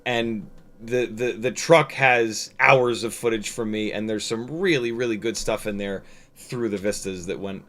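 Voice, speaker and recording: A man's voice: on the low side, measured pace, a bit bright. A man talking casually on a livestream, rambling over his footage with lots of fillers, restarts and the odd swear. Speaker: drone pilot and streamer.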